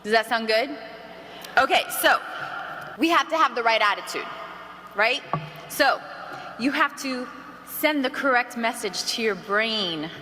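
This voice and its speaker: A woman giving an energetic sales training talk to a room, coaxing the audience with questions. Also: a little high, unhurried, pauses often. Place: large hall with an audience. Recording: archived talk in a roomy hall with faint noise.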